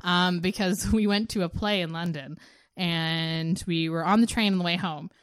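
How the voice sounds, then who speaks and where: A woman's voice: on the low side, steady tone, normal speed, clear, resonant tone, dry recording. Chatty laughing woman storyteller. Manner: chatty storyteller, laughs often, acts out quotes. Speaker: podcast co-host. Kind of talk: casual chat.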